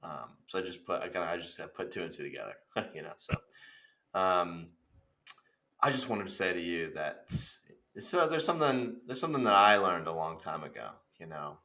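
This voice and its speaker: A man on a podcast spins a comic scene, with a lowish voice that is bright and forceful. He plays the characters and laughs often. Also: animated, brisk. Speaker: podcast co-host. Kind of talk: comedic improv storytelling.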